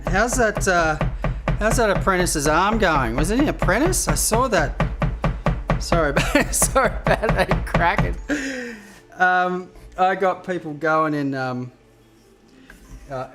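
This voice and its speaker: An Australian man with a slightly raised voice rambles through a casual live cooking stream, tossing out friendly greetings and easy swearing. He sounds like he is at home in his own kitchen, with soft music playing underneath. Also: a little high. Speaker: cooking show host.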